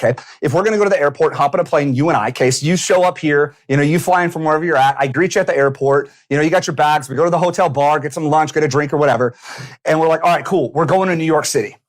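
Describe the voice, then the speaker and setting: A man with a fairly high voice coaches business owners in a punchy, animated talk. He acts out little bits of dialogue and swears casually as he goes. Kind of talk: energetic motivational talk to camera. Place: San Diego.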